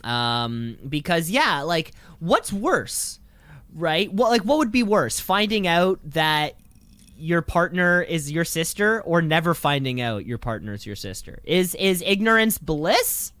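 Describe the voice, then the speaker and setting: A man's voice: on the high side, big pitch swings, measured pace, pushed and bright, no room sound. A young man co-hosting a comedy podcast, crude and joking, rambling with restarts. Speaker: podcast co-host. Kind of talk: casual comedic chat.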